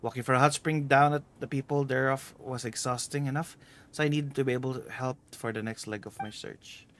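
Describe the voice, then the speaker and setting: A man's voice: medium pitch, fairly even intonation, a little fast, a bit bright, slight background noise, natural voice. A man reading as a teasing older woman adventurer. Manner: teasing, bossy, playful read-aloud. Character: playful older woman treasure hunter with a bad back. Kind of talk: reading game dialogue aloud.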